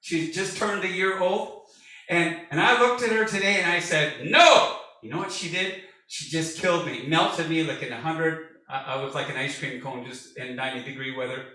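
A man in his early sixties preaching with a high, ringing, very bright voice. He jokes and builds to shouts, and he sounds set back from the mic in a reverberant church hall. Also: moderate pace. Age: 60s. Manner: animated, jokey preaching with rising shouts. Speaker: pastor. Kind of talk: sermon. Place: church sanctuary. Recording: echoey church hall from far off.

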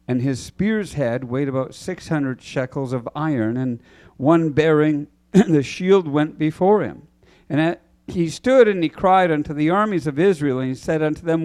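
Give me a man reading scripture aloud in a deliberate, measured way, with a slightly high voice. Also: a little mellow. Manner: deliberate, stops to clear his throat and correct himself.

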